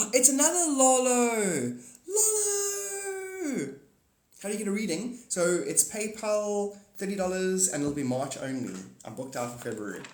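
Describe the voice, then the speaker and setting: A live streamer who also works as a paid reader rambles and jokes casually, swearing now and then and correcting himself. His high-pitched voice is a little mellow and a little fast with few pauses, and the recording has a roomy echo.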